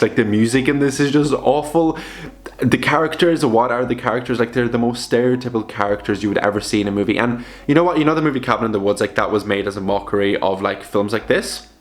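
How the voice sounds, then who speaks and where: A young man chatting casually to camera, rambling and swearing freely as he talks about old horror films. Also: mid-range voice. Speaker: video creator reviewing films. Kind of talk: casual vlog commentary.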